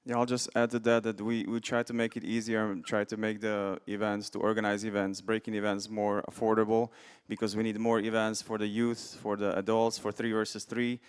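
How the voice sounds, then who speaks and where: Man, low monotone, smooth clear tone, matter-of-fact official remarks. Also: brisk. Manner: matter-of-fact, with many fillers. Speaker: breaking division official. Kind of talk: conference panel remarks.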